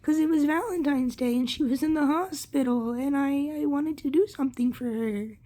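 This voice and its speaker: A young woman candidly recounting a personal story in a halting, casual way, swearing freely. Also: sits high, dark tone. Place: Lancaster area.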